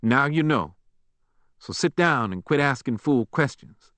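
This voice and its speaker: A male narrator voicing a stern, sharp-tongued elderly grandmother who scolds curtly. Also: mid-range voice, lively intonation, a little slow, dry recording, voice pushed up. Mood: scolding. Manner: scolding, curt.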